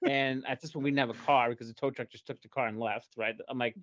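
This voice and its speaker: A man's voice: medium pitch, fairly even intonation, fast talker, fairly bright tone, no echo. A man on a podcast, telling a long profane story with lots of acted-out voices. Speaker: podcast co-host. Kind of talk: casual storytelling chat. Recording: dry, dull lo-fi podcast audio.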